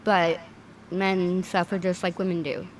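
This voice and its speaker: A woman's voice: on the low side, little pitch movement, a little slow, a little hiss or hum. A woman hosting a livestream, speaking earnestly and close to tears. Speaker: livestream host. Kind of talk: emotional livestream commentary.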